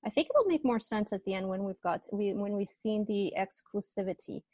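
A woman's voice: mid-range voice, lively intonation, fairly quick, a little mellow, no room sound. A young woman teaching assistant explaining grammar in an online tutorial, hesitant and often apologizing.

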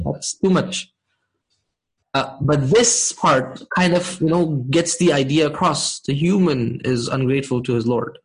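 A man teaching a Quran and Arabic lesson, checking in with his class often and reciting verses quickly. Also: on the high side, expressive, rough recording. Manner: asks the class frequent check-in questions, many fillers. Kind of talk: interactive online class lesson.

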